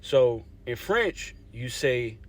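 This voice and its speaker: A man's voice: medium pitch, sing-song, slow. A young adult man from Louisiana in a casual talk to camera, explaining things conversationally and often checking in with his listeners. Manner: conversational, repeats "you see what I'm saying". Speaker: language advocate.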